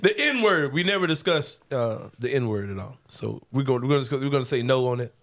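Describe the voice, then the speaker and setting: A man from Memphis with a Memphis Southern accent, hosting a casual podcast chat in an animated, joking, slangy way. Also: medium pitch, fairly quick. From Memphis, Tennessee. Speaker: host.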